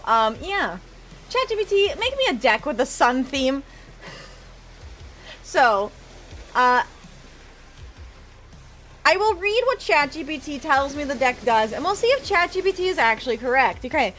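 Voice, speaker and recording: A woman's voice: high-pitched, bright, forceful tone, slight background noise. A woman streaming from home, chatting casually and teasing her viewers in chat.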